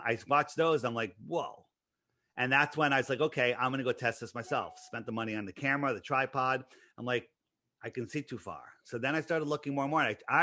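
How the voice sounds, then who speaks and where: A man as an interview guest, explaining his views in conversation and pressing his points with rapid-fire rhetorical questions. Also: mid-range voice, sharp tone, dry recording.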